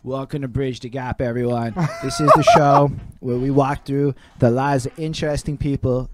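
A man's voice: medium pitch, wildly swooping pitch, moderate pace, heavy background noise. A man hosting an interview show from his home, talking loose and profane with plenty of slang. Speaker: host. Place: home room.

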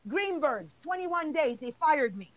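Lively high-voiced woman. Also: unhurried, dry recording, dull audio. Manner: energetic, laughing, blunt and emphatic. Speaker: podcast host. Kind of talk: casual podcast Q&A.

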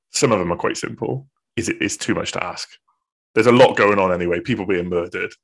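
A man co-hosting a podcast, teasing and swearing in casual banter. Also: low-pitched. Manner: teasing, sweary, quick jokes. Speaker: podcast co-host.

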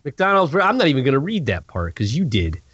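Husky wisecracking man with wild pitch. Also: wildly swooping pitch, fairly quick, a bit bright, no room sound, muffled recording. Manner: wisecracking, profane interjections. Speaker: podcast co-host. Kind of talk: casual chat.

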